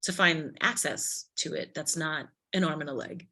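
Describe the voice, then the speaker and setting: Woman, actress, podcast guest, casual interview, animated storyteller, bright forceful tone. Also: low voice, moderate pace.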